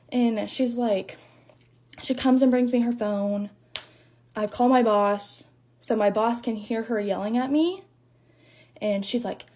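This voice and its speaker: Young woman, husky, mellow, casual rambling storytime, close phone mic. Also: fairly high pitch, normal speed. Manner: chatty, rambling, lots of "like", shaken. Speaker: drive-thru worker telling a story.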